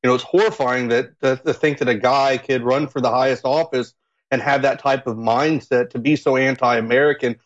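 A man from Florida joins a political talk show as a guest, his voice a plain middle pitch. He speaks haltingly, stumbling through restarts and fillers. The sound is muffled and a bit lo-fi. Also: fairly even intonation.

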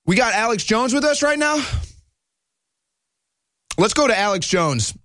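A man's voice: high voice, very animated, a little slow, fairly bright tone, no echo, clean studio sound. A man hosting a political talk show, ranting in heated, emphatic outbursts. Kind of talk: fiery political commentary.

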